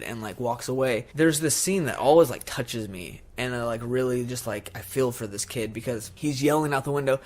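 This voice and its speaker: Young guy on a podcast, excited retelling, jumps into little impressions of the characters, average pitch. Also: moderate pace, hardly any pauses. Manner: animated retelling with acted-out quotes. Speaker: podcast co-host. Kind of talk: casual chat.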